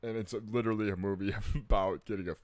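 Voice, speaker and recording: A man co-hosting a podcast in casual chat, giving blunt, deadpan opinions. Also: lowish voice, fast, dry recording.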